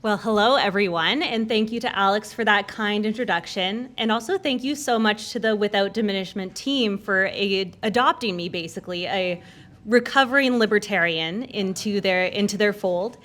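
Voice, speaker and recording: Brief: woman youth organizer at a podium mic, bright, upbeat opening to a room. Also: medium pitch, normal speed. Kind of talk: live speech to an audience. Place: event room.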